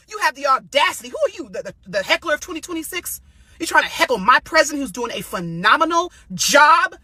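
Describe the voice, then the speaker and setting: A high, husky woman's voice swings wildly up and down in an agitated social media rant. Her bright, sharp tone cuts through as she shouts and curses. She sounds worked up from start to finish. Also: big pitch swings, a little fast, dry recording. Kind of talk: angry video rant.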